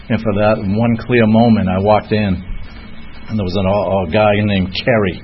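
A man's voice: lowish voice, steady tone, measured pace. A man with a Boston accent sharing a personal recovery story in a rambling way, with many fillers and frequent chuckles. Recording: dull lo-fi recording with faint noise.

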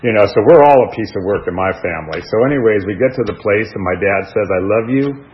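A man's voice: lowish voice, animated, fast. A middle-aged American man candidly telling his own recovery story in a rambling, self-deprecating way, with restarts and asides. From United States. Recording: dull lo-fi radio sound.

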